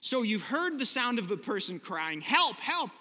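A man's voice: high voice, sing-song, normal speed, bright, forceful tone, in a large hall. A man preaching a sermon in a conversational, earnest way, often asking the listeners rhetorical questions. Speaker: pastor.

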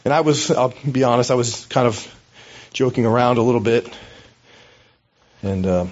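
A man's voice: medium pitch, moderate pace, muffled recording. A man preaching a sermon as a pastor, in a conversational, storytelling way with hesitations.

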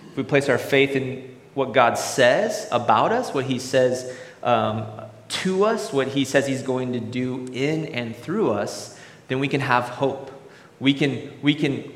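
Man preaching in an echoey hall. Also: mid-range voice. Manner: animated, acts out voices in examples. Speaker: pastor. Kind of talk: sermon. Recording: roomy hall reverb.

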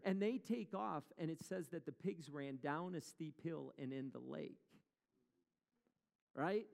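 Male pastor, gravelly, slightly high voice, chatty sermon, long hall reverb. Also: takes it slowly, darkish tone. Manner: conversational, asks the congregation questions.

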